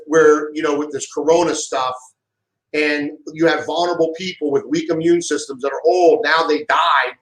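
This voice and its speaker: A man's voice: fairly high pitch, a bit bright, echoey room, poor audio. A middle-aged man delivering an impassioned monologue, heated and emphatic, often repeating himself. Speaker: vlogger giving a political rant.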